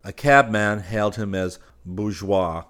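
Male narrator, very low voice, steady storybook reading, raises pitch for dialogue. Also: unhurried, clear, resonant tone. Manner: voices characters by raising pitch and volume. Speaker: audiobook narrator. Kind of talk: scripted narration.

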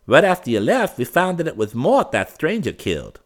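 A man's voice: a little high, huge pitch swings, moderate pace, pitched above the performer's own voice. A man voicing a fawning, nervous young nephew in a western audiobook, with a pleading manner. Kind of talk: audiobook character voice.

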